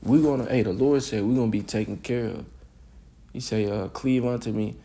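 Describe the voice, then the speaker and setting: A man's voice: medium pitch, a little fast, mellow. A man giving informal scripture commentary, rambling and repeating words, ending phrases with "man".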